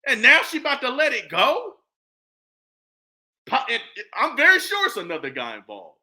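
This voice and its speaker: Animated preachy man in his forties. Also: high-pitched. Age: 40s. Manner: animated, preachy, repeats himself. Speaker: commentary vlogger. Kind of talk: casual opinion monologue.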